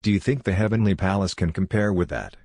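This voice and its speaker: A man's voice: sits low, fast talker, darkish tone, no echo, clean studio sound. A man voicing a fatherly emperor who reassures his daughter while hiding his nerves. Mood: reassuring. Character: fatherly emperor, secretly nervous.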